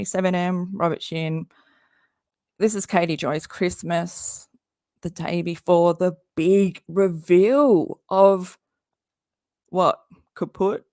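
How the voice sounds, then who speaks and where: Gravelly-voiced woman streaming. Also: on the low side, no room sound, studio quality. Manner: chatty, greets viewers, laughs often. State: losing her voice. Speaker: livestream host. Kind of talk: casual livestream commentary. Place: home under a tin roof in rain.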